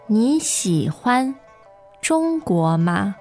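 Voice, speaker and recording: A woman leads a podcast language lesson at an unhurried pace. She models each word carefully and repeats it so the listener can follow. Soft music sits faintly behind her. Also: mid-range voice, expressive. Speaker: language teacher.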